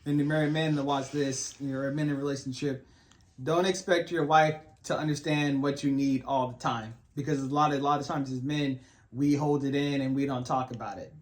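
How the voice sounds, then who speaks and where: A man co-hosting a faith-based podcast with his wife, giving relaxed, folksy advice to married men. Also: mid-range voice, brisk. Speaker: podcast co-host. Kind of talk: faith-based casual chat.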